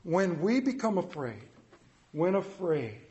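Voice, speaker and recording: A man's voice: high voice, very animated, takes it slowly, dark tone, echoey room, muffled recording. A man delivering an interactive sermon in a casual, conversational way, asking his listeners questions. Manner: conversational, asks the congregation questions. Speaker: preacher.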